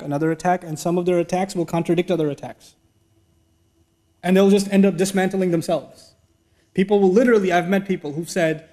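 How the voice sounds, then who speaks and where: A man's voice: on the high side, dark tone. A man giving a sermon lecture, retelling a story animatedly with rhetorical questions. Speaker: Islamic speaker.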